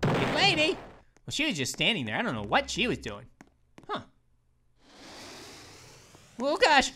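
A woman voicing an excitable, goofy cartoon grape who gives let's-play commentary as a gaming channel host. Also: fairly high pitch, unhurried, very noisy. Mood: excited. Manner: excitable, exclaims and laughs, cartoonish.

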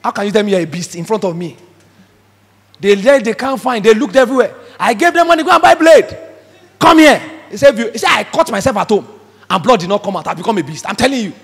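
A man's voice: high voice, expressive, fast, slightly rough. A man preaching a sermon emphatically, acting out the voices he quotes. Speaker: pastor. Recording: reverberant hall.

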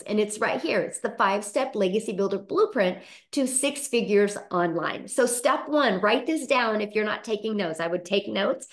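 A middle-aged woman hosting a webinar, giving an enthusiastic, persuasive sales pitch and talking straight to her audience. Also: lively intonation, moderate pace, hardly any pauses. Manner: upbeat, persuasive, addresses audience as "you guys". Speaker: webinar host.

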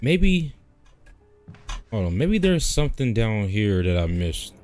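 Young man yelling through a horror game. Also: lowish voice, very animated, normal speed, faint music behind. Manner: loud, yelling and swearing at the game. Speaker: gaming streamer. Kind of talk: gameplay commentary.

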